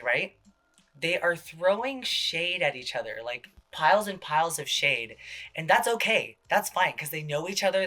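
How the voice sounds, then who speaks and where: A man hosting a casual TV recap, gossipy and full of swearing, jumping into quick impressions. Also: on the high side, pushed and bright. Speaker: show host.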